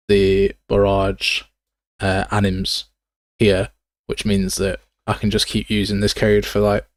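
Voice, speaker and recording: A man's voice: fairly low pitch, dry recording. Young man, game dev streamer, casual and chatty, dry close mic. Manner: casual, chatty, answers chat, uses mate and pal. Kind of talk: live coding stream chat.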